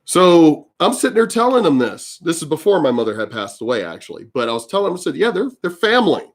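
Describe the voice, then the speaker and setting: A man's voice: on the high side, big pitch swings, fast. A man in his fifties ranting in a commentary vlog, blunt, profane and combative as he tells his stories. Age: 50s. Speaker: video commentator.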